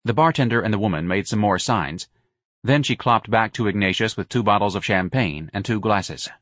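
A man narrating an audiobook in a measured, wry storytelling manner. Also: fairly low pitch, a bit bright, no echo, clean studio sound. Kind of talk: scripted narration.

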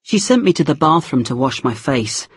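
A woman reading a chapter book aloud in a measured, expressive storytelling manner. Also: low voice, slightly rough, dry recording, clean studio sound. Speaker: audiobook reader. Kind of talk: scripted narration of a graded reader.

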